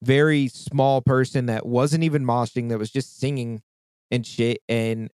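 A man's voice: mid-range voice, steady tone, measured pace, darkish tone, clear, resonant tone, no room sound. A man in his thirties, hosting a podcast in casual chat and telling a story in a heated, profane rant. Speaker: podcast host.

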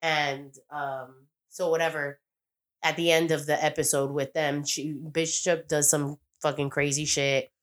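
A woman's voice: deep voice, little pitch movement, a little slow. A woman casually recapping a TV episode on a podcast, rambling, swearing freely and acting out the characters' lines. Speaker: podcast co-host.

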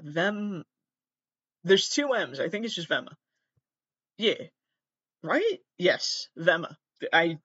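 A man's voice: fairly high pitch, fairly bright tone, no room sound. Male podcast host, rambling comic monologue, self-mocking, slightly muffled dry recording. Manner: rambling, self-deprecating, stumbles over names. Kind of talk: casual comedic monologue. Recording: dull lo-fi dry sound.

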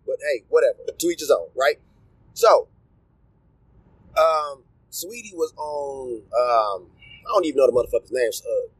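A man's voice: fairly high pitch, husky, low-quality recording. A young adult man ranting in a casual, crude, rambling way, with disgusted asides. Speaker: commentator. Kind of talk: casual opinion rant.

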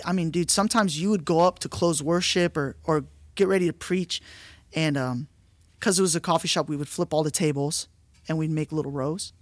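A male pastor telling stories in a casual, animated podcast chat, restarting often and saying dude and bro. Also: a little high, dry recording.

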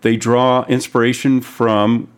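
Guy cohosting a music radio show, middle pitch, lots of ums and restarts, easygoing chat. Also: flat delivery, clear, resonant tone. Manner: halting, many fillers and restarts. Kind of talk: casual radio chat introducing songs.

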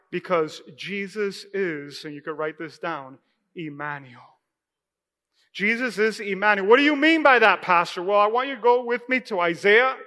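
A man with a high, bright, ringing voice preaches to his congregation. He tells a personal story in a loose, conversational way, dotted with "you know." His voice trails off into a long church-hall echo. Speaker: pastor. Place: church sanctuary.

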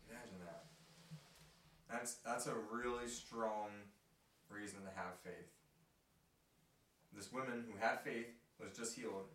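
A man leading a casual Bible discussion, reading scripture aloud with emphasis and getting excited. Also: fairly low pitch, unhurried, pauses often. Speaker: podcast host leading Bible study. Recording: echoey room from a distance with light noise.

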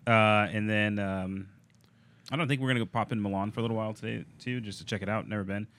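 A man with a lowish voice who talks fast in laid-back podcast chat. His sentences often trail off quietly as he thinks aloud. He keeps things loose and relaxed. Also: no room sound. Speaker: podcast co-host. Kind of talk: casual chat.

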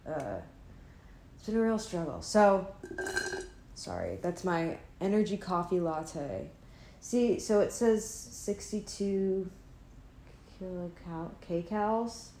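Drowsy woman vlogger, low-ish voice, self-mocking ramble, echoey home room. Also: big pitch swings, slow pace, long pauses, warm tone, slight background noise. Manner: rambling, self-deprecating, trails off and restarts. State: sleepy, not fully awake. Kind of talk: casual rambling chat to camera. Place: indoors at home, an apartment. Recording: echoey room with faint ambience.

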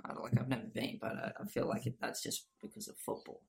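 A man's voice: medium pitch, sing-song, fast, vocal fry. A man, a guest on a podcast, chatting in a teasing, jokey way. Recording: roomy echo.

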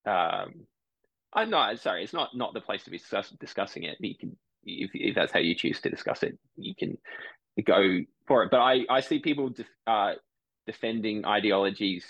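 A man's voice: fairly low pitch, lively intonation, normal speed, fairly bright tone, dry recording, dull audio. A man from Brisbane, a podcast guest chatting casually, often correcting himself mid-sentence and acting out online commenters. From Brisbane, Australia. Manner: rambling, self-correcting, acts out online commenters.

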